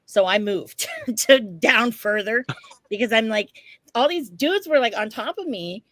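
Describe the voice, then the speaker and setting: A woman co-hosting a podcast, telling a story in casual chat, animated, laughing often and swearing casually. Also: a little high, unhurried, no echo. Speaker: podcast co-host.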